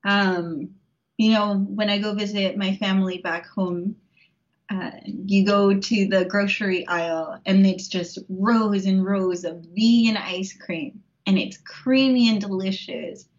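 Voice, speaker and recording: A woman talking easily as an interview guest, relaxed and often laughing, with plenty of ums between thoughts. Her voice sits at an ordinary middle pitch. The recording sounds a little dull and lo-fi. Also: a little slow. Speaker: interview guest, home vegan cook. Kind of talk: casual interview chat.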